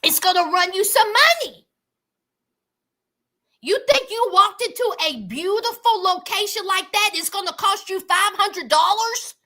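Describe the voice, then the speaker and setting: Very high, bright, sassy woman. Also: measured pace. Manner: sassy, animated, talks straight to viewers. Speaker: reality TV commentator. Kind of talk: casual reaction commentary.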